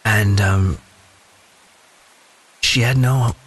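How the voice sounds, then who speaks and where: A man giving a slow, thoughtful Bible devotional, telling personal stories. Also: lowish voice, a bit bright, husky. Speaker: devotional speaker.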